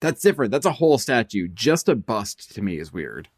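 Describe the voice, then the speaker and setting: A man's voice: lowish voice, big pitch swings, brisk. A man co-hosting a podcast, musing in casual chat with wry asides and acted reactions. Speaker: podcast co-host.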